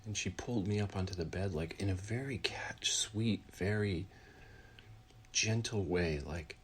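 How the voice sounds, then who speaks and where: A grieving man giving a heartfelt personal account, halting and full of restarts, sometimes dropping to a soft whisper. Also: sits low, breathy edge. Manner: halting, with many pauses and restarts; drops to a soft whisper at times. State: grieving, voice heavy with emotion.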